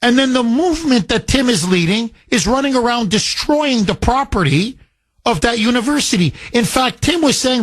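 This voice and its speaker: A man's voice: very high-pitched, animated, normal speed, dry recording. A man hosting a talk radio show, speaking emphatically and building heat as he argues.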